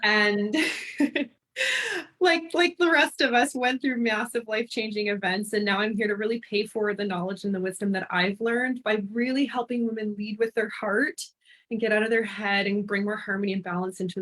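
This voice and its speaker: A woman from Canada talks as a podcast guest, speaking in an earnest, heartfelt way. Her voice sits at a middle height for a woman, neither high nor low. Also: normal speed, fairly bright tone. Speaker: guest, intuitive life and business mentor. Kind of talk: podcast interview.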